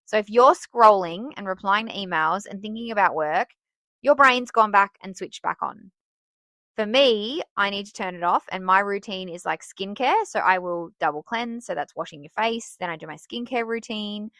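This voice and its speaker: A woman's voice: medium pitch, moderate pace, no echo. A woman hosting a podcast for teachers, giving casual advice in a chatty way and laughing at herself. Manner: chatty and self-laughing, with bursts of excitement.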